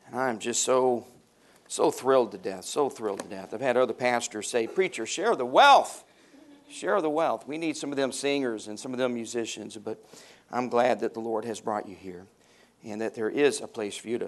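A pastor preaching a sermon to his congregation, stressing his points and repeating key phrases. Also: medium pitch.

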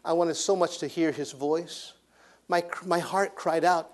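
A man preaching a sermon in a church, repeating his points and swinging from hushed to loud. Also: medium pitch, normal speed.

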